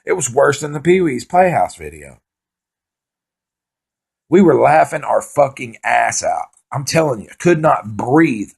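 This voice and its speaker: A man doing profane, rambling comic storytelling, excitably acting out his own panic. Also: mid-range voice, unhurried, creaky, husky. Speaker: stand-up comedian.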